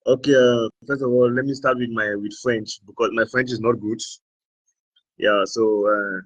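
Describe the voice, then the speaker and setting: A man's voice: medium pitch, fairly even intonation, normal speed, breathy edge, no echo, lo-fi sound. A man from Cameroon, a guest on an interview show, chatting casually and laughing often as he switches between French, English and pidgin. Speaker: guest blogger.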